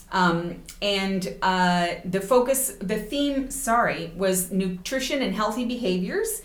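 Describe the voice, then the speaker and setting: A woman teacher educator giving a recorded lecture, explaining examples step by step and checking in with "okay?". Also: mid-range voice. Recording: roomy echo.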